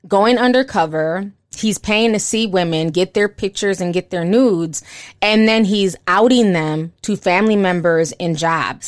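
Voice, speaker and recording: A woman's voice: mid-range voice, no echo, clean studio sound. A young woman giving casual commentary and reading posts aloud, with lots of "you know" fillers.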